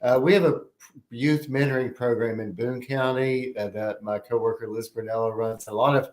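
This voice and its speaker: A man's voice: medium pitch, steady tone, normal speed, a little mellow. A man speaking as a panel guest on a roundtable, friendly and a little teasing. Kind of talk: roundtable discussion. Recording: roomy echo.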